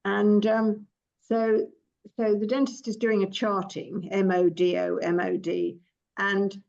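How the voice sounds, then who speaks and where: A woman's voice: mid-range voice, level tone, slow pace, vocal fry, a little mellow. A woman working as a dental compliance consultant, talking as a guest in a chatty way with frequent restarts and a habit of telling stories. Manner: chatty, many restarts, storytelling. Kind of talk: casual professional conversation. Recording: dull lo-fi sound.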